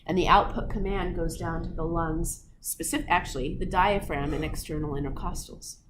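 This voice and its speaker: A woman's voice: fairly low pitch, moderate pace. A woman lecturing on physiology to a live class, playful and teasing her students. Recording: room recording with steady background noise.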